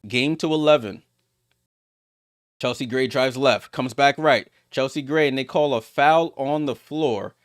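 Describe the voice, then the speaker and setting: A man giving live play-by-play of a basketball game as a streamer, getting louder on big plays and greeting viewers in the chat. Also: unhurried, no echo, studio quality. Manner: rises sharply in pitch and volume on big plays.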